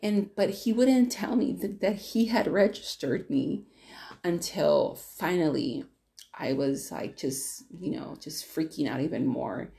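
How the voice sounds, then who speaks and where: Female podcast host, low dark voice with vocal fry, candid rambling monologue. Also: expressive, a little slow. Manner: candid, rambling storytelling with many restarts.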